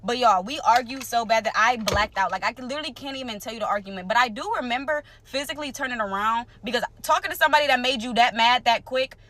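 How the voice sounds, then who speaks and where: A young woman casually telling a personal story to camera, animated and conversational, jumping between loud exclaims and low asides. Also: fast talker, hardly any pauses. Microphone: phone close to the face.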